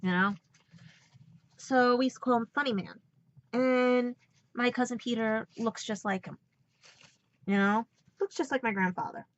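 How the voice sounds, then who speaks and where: A woman's voice: fairly high pitch, unhurried, long pauses, dull audio. A woman with a New York accent talking emotionally in a rambling personal vlog, holding back tears. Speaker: vlogger.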